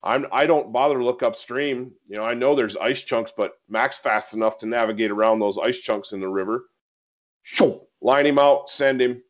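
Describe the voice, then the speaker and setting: A man hosting a podcast, telling a story in casual conversation and getting animated as he recounts it. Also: mid-range voice, a little fast, few pauses. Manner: animated storyteller, gets excited recounting events. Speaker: podcast host.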